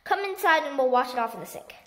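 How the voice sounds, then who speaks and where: A woman's voice: expressive, fast talker. A woman voicing a spiteful old woman who screams and shrieks. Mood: shrill, panicked. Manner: screaming, shrill.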